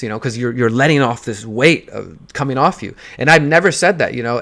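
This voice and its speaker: A man's voice: mid-range voice, fairly bright tone. A man in his thirties, a podcast host, candidly telling a personal story in an emotional, profane monologue.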